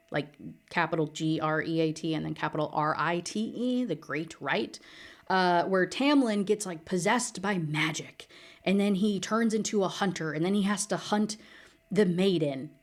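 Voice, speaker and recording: Woman rambling thru a book summary, kinda low voice, lots of "like", snarky. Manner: chatty, filler-heavy, sarcastic. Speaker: book reviewer. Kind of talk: casual book recap.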